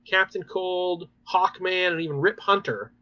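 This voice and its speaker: A man hosting a podcast, recapping TV episodes in an animated, rambling way with many fillers. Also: high-pitched, a little slow, no room sound, lo-fi sound. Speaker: podcast host. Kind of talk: casual chat recapping TV episodes.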